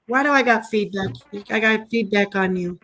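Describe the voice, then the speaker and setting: A middle-aged woman hosts a casual livestream, speaking impassionedly and repeating herself often. Her mid-range voice is a bit bright and moves at a moderate pace, while the internet stream's audio sometimes turns choppy.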